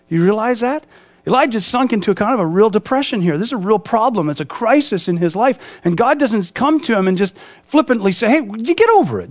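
A man preaching a sermon, reading scripture and explaining it with many restarts and acted quotes. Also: high-pitched. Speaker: pastor.

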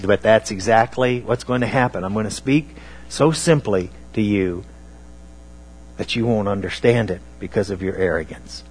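Halting man preaching a sermon. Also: mid-range voice. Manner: halting, many fillers and restarts.

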